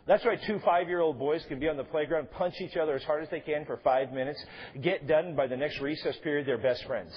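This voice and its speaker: A man's voice: a little high, fairly quick, breathy edge, muffled recording. A male pastor preaching a sermon in a conversational way, with joking asides to the congregation. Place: church sanctuary.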